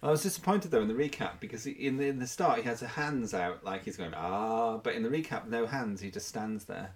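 A man's voice: medium pitch, animated, fast talker. A man co-hosting a podcast, chatting casually about a TV episode, playful and fond of wordplay. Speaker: podcast co-host. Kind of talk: casual chat reviewing a TV episode.

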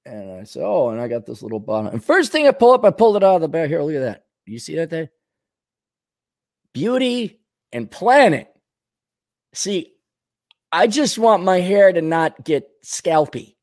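A man hosting a podcast, rambling through a casual comedic monologue, going from low mutters to sudden outbursts. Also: sing-song, fairly quick, a little mellow. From Minnesota. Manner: rambling, wisecracking, swings between mutters and outbursts. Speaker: podcast host.

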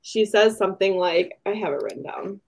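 A woman's voice: mid-range voice, a little fast, darkish tone. A woman co-hosting a book review podcast, chatting casually, laughing often and acting out quotes. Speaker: podcast co-host.

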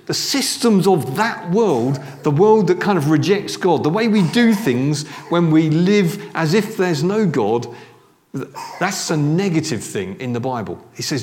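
A man's voice: on the high side, animated, unhurried, darkish tone, slight background noise. A middle-aged man giving a sermon in a church, talking conversationally with restarts and asides. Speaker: preacher.

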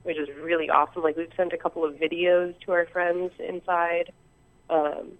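A woman calling in to a show, talking excitedly and rambling with lots of ums, heard over a phone-like internet line. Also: fairly low pitch, normal speed. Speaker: caller. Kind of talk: call-in chat.

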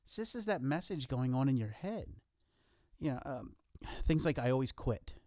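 Male podcast co-host, earnest and joking, very expressive pitch, dry studio sound. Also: moderate pace, no room sound. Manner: earnest, lively, self-deprecating jokes. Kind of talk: casual motivational podcast talk.

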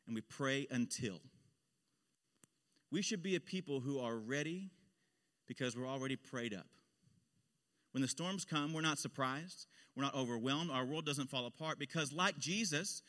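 A man preaching from the pulpit with a bright, forceful tone that sits a little high. His phrases swell and climb as he presses each point. A long church reverb trails every line. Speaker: pastor. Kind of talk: sermon. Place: church sanctuary.

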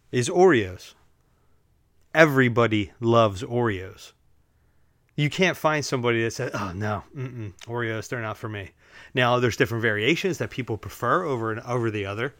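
Guy rambling on his own podcast at home, lots of fillers, joking around, middle pitch, dry close mic. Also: fairly bright tone, dry recording. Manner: rambling, filler-heavy, joking asides to listeners. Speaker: podcast host. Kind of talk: casual solo podcast monologue. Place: at home, relaxed, drinking while recording.

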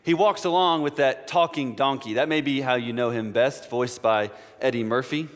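A man's voice: mid-range voice, normal speed. A man preaching a sermon as pastor in a church, in a conversational style with playful asides. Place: church sanctuary. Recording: long church reverb.

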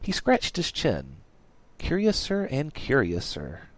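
A man reading a story aloud in a wry, lively storytelling manner. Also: medium pitch, slow pace, dry recording. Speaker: narrator.

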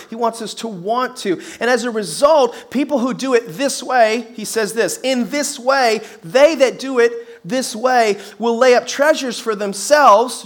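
A middle-aged man preaching a sermon to a church congregation. He is energetic and emphatic, mixes in folksy humor and rhetorical questions, and rises to shouts on key phrases. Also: high-pitched. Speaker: pastor. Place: church service before a congregation.

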